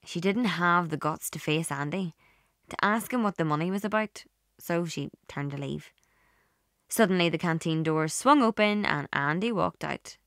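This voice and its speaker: Measured woman narrating. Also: lowish voice, expressive, fairly bright tone, no room sound, clean studio sound. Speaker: audiobook narrator. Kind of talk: scripted narration.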